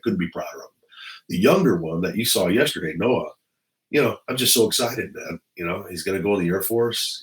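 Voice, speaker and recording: Middle-aged ex-cop, very low voice, blunt and profane, rambling casual delivery. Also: male voice, a bit bright, rough recording. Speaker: retired police officer vlogger.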